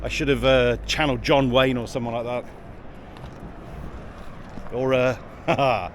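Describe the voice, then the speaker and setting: A man's voice: medium pitch, fairly even intonation, slow. A man vlogging about cycling while he rides outdoors, talking in a grumpy, wry and self-mocking way. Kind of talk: casual vlog talk while riding. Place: outdoors on a bike on the road. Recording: loud road and wind noise.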